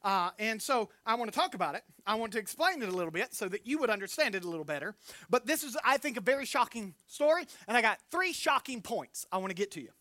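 Animated, bright-voiced preacher man. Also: high-pitched, fast, no room sound, clean studio sound. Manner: animated storytelling, acts out voices, jokes with the congregation. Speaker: pastor. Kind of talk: sermon. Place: church.

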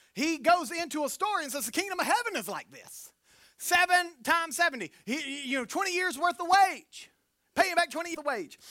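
Animated, bright-voiced preacher man. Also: very high-pitched, dry recording, studio quality. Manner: animated storytelling, acts out voices, jokes with the congregation. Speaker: pastor. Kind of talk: sermon. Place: church.

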